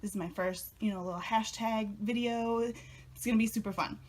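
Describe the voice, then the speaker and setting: A young woman chatting casually as a tarot vlogger, a little out of breath, bubbly and excitable and laughing often. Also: fairly high pitch, moderate pace. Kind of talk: casual chat.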